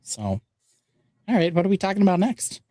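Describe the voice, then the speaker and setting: A man hosting a casual live-stream chat, calmly explaining a build step by step with frequent pauses and fillers. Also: sits high, no room sound, studio quality. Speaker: podcast host.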